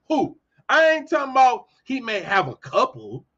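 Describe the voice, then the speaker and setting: A man hosting a casual commentary monologue, heated and ranting, jumping from loud outbursts to low muttering. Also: sing-song, normal speed. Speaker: commentary host. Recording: dull lo-fi audio.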